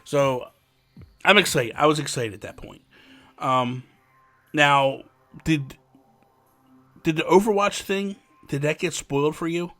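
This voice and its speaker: A man co-hosting a casual gaming podcast, chatty and excitable, full of fillers. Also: on the high side, a little slow, pauses often. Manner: chatty, excitable, many fillers like "like" and "you know". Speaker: podcast co-host.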